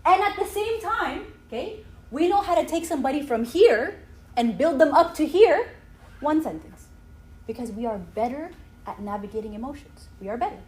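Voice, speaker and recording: A woman in her thirties giving an animated talk with slides at a church gathering, often tagging her sentences with "okay?". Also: high voice, normal speed. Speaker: speaker at a church youth talk. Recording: echoey hall, faint ambience.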